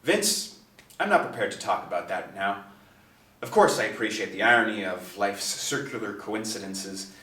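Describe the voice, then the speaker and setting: A man voicing a dignified, grieving middle-aged superstar father who speaks in a composed, measured way in a storybook reading. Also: lowish voice, expressive, bright, forceful tone. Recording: echoey, distant mic.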